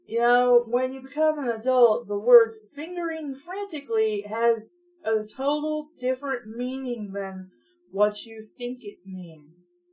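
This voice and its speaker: A woman's voice: a little high, takes it slowly, a little mellow. A young woman reading a children's horror book aloud and interrupting it with sarcastic, mocking asides. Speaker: book reader and commentator. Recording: distant mic with faint hum.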